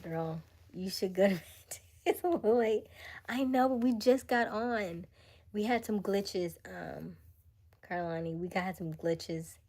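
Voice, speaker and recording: This is a young woman hosting a casual live stream into a phone or webcam, talking easily with her viewers. Her voice sits a touch low, and she laughs often. She slips into breathy, whispery asides between her chattier lines. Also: a little mellow. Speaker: livestream host.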